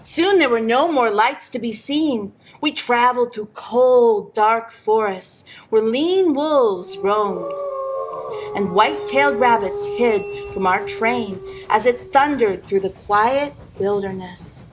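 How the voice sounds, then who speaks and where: A woman reading a picture book aloud in an expressive storytelling manner for a library program. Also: fairly high pitch, slow pace, a little hiss or hum.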